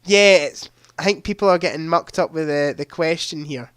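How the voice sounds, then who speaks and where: A man's voice: a little high, normal speed, a bit bright, smooth, no echo, clean studio sound. A young man hosting a live-streamed quiz, chatting casually into a headset mic and reading questions aloud with a ready laugh. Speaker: livestream quiz host.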